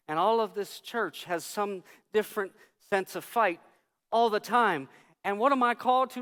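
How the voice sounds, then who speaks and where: Pastor guy preaching, high bright voice, big echoey church, goes from quiet to yelling in his story. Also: moderate pace, smooth. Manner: storytelling, swings from hushed to shouting. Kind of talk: sermon. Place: church sanctuary. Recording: long church hall reverb.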